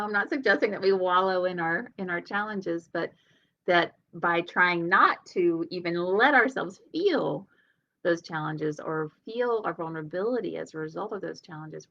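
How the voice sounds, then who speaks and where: A woman's voice: on the low side, gravelly, fairly bright tone, highs cut off. A woman speaking as a healer and leadership coach, giving an earnest, conversational motivational talk with light laughs.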